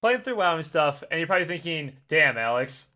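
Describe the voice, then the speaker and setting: A man in his thirties telling a long story in casual podcast chat, swearing and laughing as he goes, his voice still hoarse and cracking. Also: on the high side, big pitch swings, a little fast, sharp tone. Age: 30s. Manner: rambling storyteller, laughs often, swears freely. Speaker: podcast co-host.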